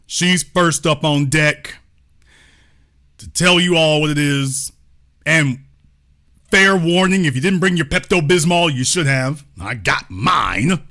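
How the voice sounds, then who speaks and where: A man's voice: a little high, a little slow, pauses often, bright, forceful tone. A man hosting a political commentary show, speaking in a grandiose, sarcastic, preacher-like manner. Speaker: host.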